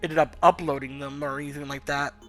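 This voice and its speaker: A man's voice: fairly high pitch, level tone, brisk, soft background music. A man hosting a let's play, rambling casually and thinking aloud, with the odd swear. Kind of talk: rambling gameplay commentary.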